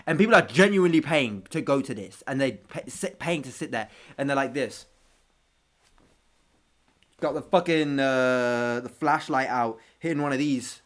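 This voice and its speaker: A man's voice: mid-range voice, normal speed. A man with street hosting a reaction video, ranting casually with profanity and self-mocking jokes.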